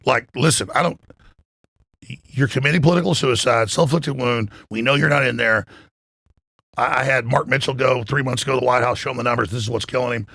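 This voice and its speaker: Gravelly, husky man talking excitedly. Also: medium pitch, fast, no room sound, studio quality. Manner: animated, emphatic, swearing, quoting others in voices. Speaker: guest. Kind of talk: excited podcast talk. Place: in Florida.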